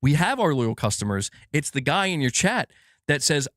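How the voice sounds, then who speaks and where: A man's voice: on the high side, very animated, normal speed, fairly bright tone, dry recording, clean studio sound. Frustrated man ranting on a livestream. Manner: frustrated, swearing, many restarts and fillers. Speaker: gaming channel host. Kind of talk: casual livestream rant.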